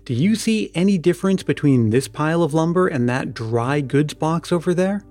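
A man reading the lines of a curious, commanding police lieutenant in a storybook, brisk and decisive. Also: a little high, lively intonation, darkish tone, faint music behind, lightly acted.

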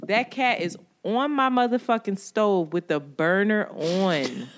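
A woman co-hosting a podcast in casual chat, an animated storyteller who swears freely and laughs often. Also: medium pitch, measured pace. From New York. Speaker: podcast co-host.

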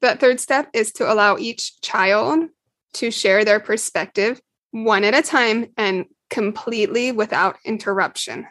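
A woman, a mother, calmly explaining parenting steps in a podcast interview. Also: fairly high pitch, a little slow, no echo. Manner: calm, explanatory, acts out quotes with laughs. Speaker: parenting guest.

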